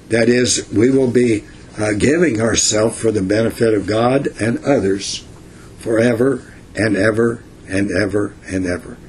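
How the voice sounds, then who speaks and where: An older man teaching from the Bible in a relaxed, homespun way. He talks slowly, with plenty of fillers and asides between verses. His pitch sits in an ordinary middle range. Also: slight background noise. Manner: folksy and unhurried, with many fillers and asides.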